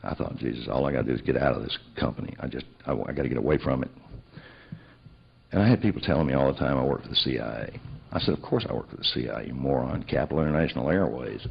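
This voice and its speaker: A man's voice: extremely low pitch, quick pace, creaky, slightly rough. A man telling a personal story, acting out both sides of remembered conversations. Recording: dull lo-fi recording.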